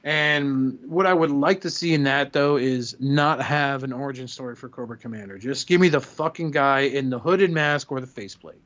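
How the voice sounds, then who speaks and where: A man co-hosting a podcast in casual chat, swearing freely and telling animated stories. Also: mid-range voice, normal speed, few pauses, no echo, muffled recording. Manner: profane, animated storyteller who acts out quotes. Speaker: podcast co-host.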